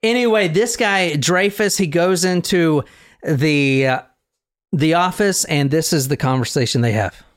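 A man telling a story casually as a podcast host, profane and animated, laughing often. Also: a little high, measured pace.

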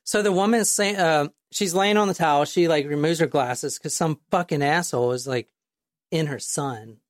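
Podcast host, woman, low voice, casual and profane, dry mic. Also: moderate pace, no room sound. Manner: profane, rambling storyteller with many fillers. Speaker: podcast host telling a true crime story. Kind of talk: casual chat.

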